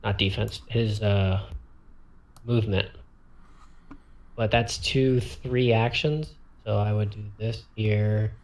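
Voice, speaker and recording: A man with a fairly low, gravelly voice talks through a miniatures game turn step by step. He counts moves aloud, pauses on fillers and corrects himself mid-thought in a relaxed, casual way. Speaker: tabletop miniatures player walking through a turn. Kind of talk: thinking aloud while demonstrating game moves.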